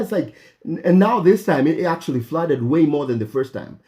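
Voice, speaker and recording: A young Kenyan man telling a story for his vlog in an animated way, jumping high in pitch when he quotes himself, with lots of fillers and restarts. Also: moderate pace. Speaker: vlogger.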